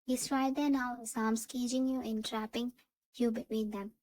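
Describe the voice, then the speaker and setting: A woman reading second-person fan fiction narration in an even, steady way. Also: fairly high pitch, moderate pace, rough recording.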